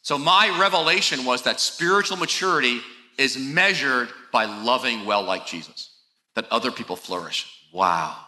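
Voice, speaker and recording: In a large, echoey church hall, an older pastor delivers a conversational, confessional sermon, often saying "you know" and poking fun at himself. His mid-range voice is pushed and bright, and he speaks at a moderate pace.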